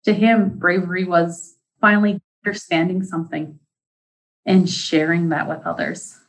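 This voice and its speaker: A woman who works in school interventions, telling a story in an animated way during an interview. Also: fairly low pitch, normal speed, low-quality recording.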